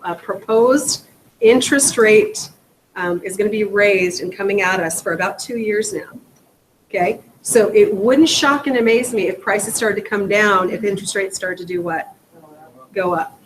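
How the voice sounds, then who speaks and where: A woman teaching a rookie real estate class, lively, acting out conversations with buyers and sellers and quizzing her students. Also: medium pitch, normal speed, slight background noise, rough recording. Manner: animated, acts out client dialogue, asks the room questions. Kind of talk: classroom training talk. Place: training room.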